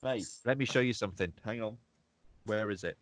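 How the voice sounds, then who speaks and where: A man's voice: fairly low pitch, fairly quick. A man, a podcast guest, chatting casually and emotionally, often repeating his words. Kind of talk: casual interview chat.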